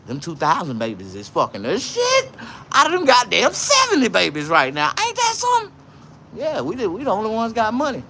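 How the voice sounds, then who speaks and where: A man telling stories in a casual livestream, loud, profane and boisterous. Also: high-pitched, huge pitch swings, a little fast, noisy background. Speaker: vlogger.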